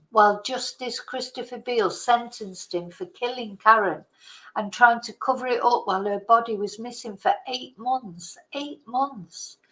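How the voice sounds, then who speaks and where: A woman talks through a news case on her channel and reads articles aloud. She speaks slowly and hesitantly and trips over hard names. Her voice sits a little high. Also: fairly bright tone, low-quality recording. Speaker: channel host. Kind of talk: casual commentary, reading articles aloud.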